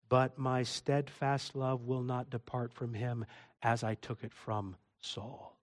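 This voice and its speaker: A man preaching a sermon as pastor, moving between quiet, intimate passages and loud, impassioned appeals. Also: medium pitch, a little slow. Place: church.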